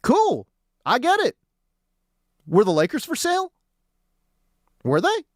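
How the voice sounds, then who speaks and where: Exasperated sports radio host ranting. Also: male voice, very high voice, huge pitch swings, slow, dry recording, studio quality. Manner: heated, exasperated, emphatic repetition. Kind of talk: sports talk radio rant.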